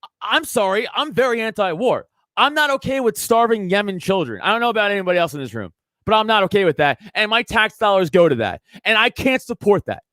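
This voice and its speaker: Comedian guy on a podcast, high voice, swearing a lot and ranting, dry close mic. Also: sing-song, quick pace, sharp tone, dry recording. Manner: emphatic, profane ranting. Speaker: comedian guest. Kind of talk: casual podcast chat.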